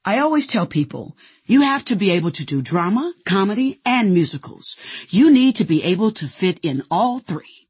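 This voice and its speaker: A woman's voice: mid-range voice, very animated, moderate pace, a little mellow, slightly rough. A woman from Indianapolis, an actress, narrating her own memoir in a candid, playful storytelling manner. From Indianapolis, USA.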